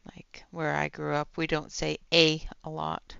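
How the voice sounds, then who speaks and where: A woman from British Columbia with a Western Canadian accent, chatting casually as she colours on a livestream and talking softly while she works. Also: sits low, completely flat delivery, moderate pace, vocal fry, clean tone, dry recording, muffled recording.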